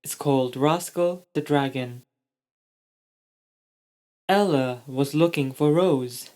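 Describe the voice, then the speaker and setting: Slow, steady children's story reader. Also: medium pitch. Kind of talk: reading a children's story aloud.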